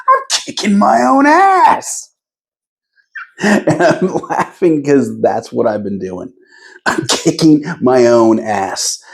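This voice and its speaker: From his office, a man vlogs candidly to camera, thinking aloud about his frustrations in a reflective, encouraging tone. His voice is fairly low and a little mellow.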